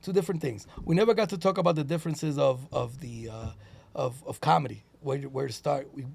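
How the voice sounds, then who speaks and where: Gravelly man, chatting. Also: medium pitch, fairly quick. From Puerto Rico. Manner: animated, swears freely, switches into Spanish. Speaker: stand-up comedian, guest. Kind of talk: casual podcast chat.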